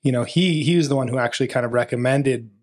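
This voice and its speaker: A man co-hosting a podcast in casual conversation, relaxed and heavy on fillers like "you know" and "like". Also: medium pitch, quick pace. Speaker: podcast co-host.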